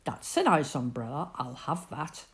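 A woman voicing an unseen, greedy night burglar who mutters quietly. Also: rumbling low, very animated, moderate pace. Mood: muttering.

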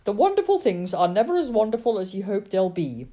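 A woman's voice: mid-range voice, sing-song, fairly quick, mellow, close to an everyday voice. A woman voicing a pessimistic male philosopher who cries out in dismay. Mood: gloomy. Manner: crying out in dismay.

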